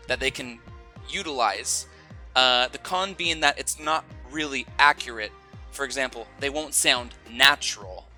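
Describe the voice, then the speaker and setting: A man giving online teaching advice in an energetic, demonstrative way. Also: a little high. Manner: energetic, demonstrates stress with slow exaggerated example sentences. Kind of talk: online teaching tips video.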